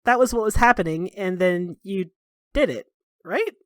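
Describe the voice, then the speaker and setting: A woman's voice: mid-range voice, animated, moderate pace, no room sound, studio quality. Playful woman narrating a tabletop game. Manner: playful, giggly. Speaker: game master.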